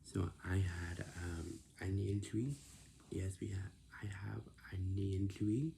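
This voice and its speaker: A young man giving casual advice, talking in halting phrases that he often restarts and sometimes drops to a whisper. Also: deep voice, little pitch movement, gravelly, warm tone, slight background noise.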